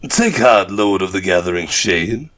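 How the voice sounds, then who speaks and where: A male narrator voicing a mischievous, grinning male demon prophet who taunts in slow, drawn-out questions, for an audiobook. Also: sits low, expressive, fairly bright tone, voice pushed down. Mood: reassuring.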